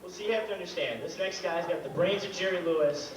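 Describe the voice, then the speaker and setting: A man's voice: high-pitched, fast talker. A young man in his late teens emceeing a school variety show, telling a joke and acting out the voices in it. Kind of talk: stage comedy banter and joke telling. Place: school auditorium stage. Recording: echoey hall from far off, noisy.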